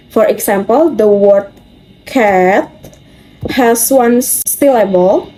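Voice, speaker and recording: A young woman reading a class presentation aloud from a script, steady with small slips. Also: mid-range voice, rough recording. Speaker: student presenter.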